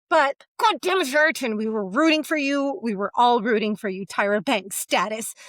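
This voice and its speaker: Animated woman discussing a novel. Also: medium pitch, no room sound. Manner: animated, acts out characters in quoted asides. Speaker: podcast co-host. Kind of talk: casual book discussion.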